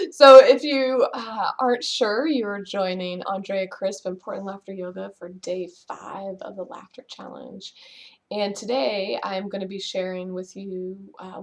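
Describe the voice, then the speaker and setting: Woman, middle-aged, laughter yoga teacher, casual chatty lesson, playful, lots of fillers, home camera mic. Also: mid-range voice. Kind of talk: casual instructional video. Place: at home, just woken up.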